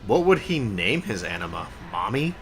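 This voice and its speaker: Deep-voiced young man explaining a game. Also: animated, moderate pace, fairly bright tone. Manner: laid-back, explains game mechanics. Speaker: let's play host. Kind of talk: casual gameplay commentary. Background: game music.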